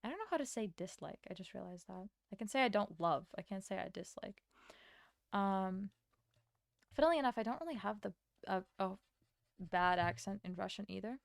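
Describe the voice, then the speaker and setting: A young woman from Latvia chats with her stream while she draws, rambling and answering her chat with quick laughs. Her voice is smooth and clear, with a gravelly fry at the ends of phrases. The sound is dry, with no room echo. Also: medium pitch, animated. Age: young adult.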